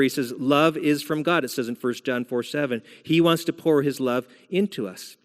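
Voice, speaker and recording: A man, a senior pastor, delivering a sermon in a church sanctuary, retelling scripture in a conversational storytelling manner. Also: medium pitch. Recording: long hall reverb.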